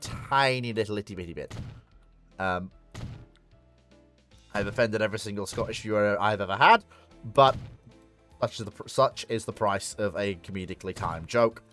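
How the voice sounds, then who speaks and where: A man's voice: fairly low pitch, moderate pace, pauses often, fairly bright tone, soft background music. A man casually commenting while he plays a strategy game on a live stream, rambling and talking to himself and to the game. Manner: rambling, talks to himself and the game, self-mocking.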